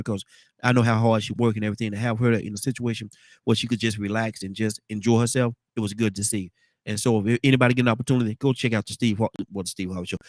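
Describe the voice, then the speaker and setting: A man with a congested baritone voice hosting a morning talk show. He rambles easily, repeating words and restarting sentences. The sound is dry and close, with no room around it. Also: no room sound. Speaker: radio show host.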